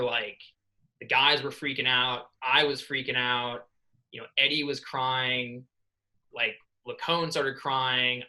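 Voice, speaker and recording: A man's voice: mid-range voice, sharp tone, rough recording. A young man in his twenties, an assistant swim coach, telling a long story in a podcast interview, rambling and earnest with many fillers.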